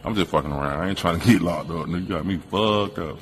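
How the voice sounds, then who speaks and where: A man's voice: low voice, fast talker, husky. A man hosting a podcast, talking in loose, profane, streetwise banter. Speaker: podcast host. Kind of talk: casual podcast chat.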